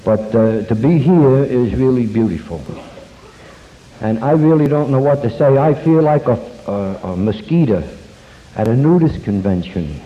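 An older man telling his life story at a recovery meeting, folksy and self-deprecating, pausing and restarting as he goes. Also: medium pitch, animated. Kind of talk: personal story talk with jokes. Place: meeting hall before an audience. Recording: dull lo-fi tape, long hall reverb.

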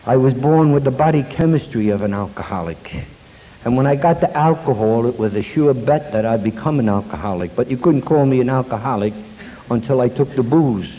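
An older man telling his life story at a recovery meeting, folksy and self-deprecating, pausing and restarting as he goes. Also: medium pitch, animated, mellow. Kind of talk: personal story talk with jokes. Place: meeting hall before an audience. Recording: dull lo-fi tape, long hall reverb.

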